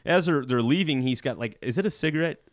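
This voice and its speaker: A man's voice: medium pitch, fast talker, crowd noise. A man hosting a podcast, animatedly retelling a movie plot in casual chat. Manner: animated storyteller, slips into character voices. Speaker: podcast host.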